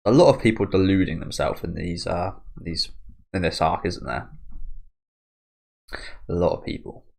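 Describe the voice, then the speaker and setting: A man's voice: deep voice, normal speed, creaky, a little mellow. A young man casually chatting through a manga read-along, chuckling often and cutting himself off mid-sentence. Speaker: manga reaction channel host.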